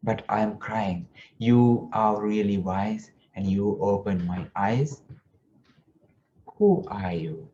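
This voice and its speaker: A man voicing a grieving father who speaks quietly and plaintively. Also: on the low side, animated, takes it slowly, creaky, dull audio, a little hiss or hum, heavily acted. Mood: humbled.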